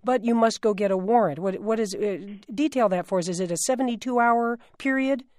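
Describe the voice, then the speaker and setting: A woman's voice: a little high, a little fast, darkish tone, dry recording, clean studio sound. A woman hosting a radio interview, asking probing questions and often repeating words as she phrases them. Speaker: radio host. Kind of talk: broadcast interview.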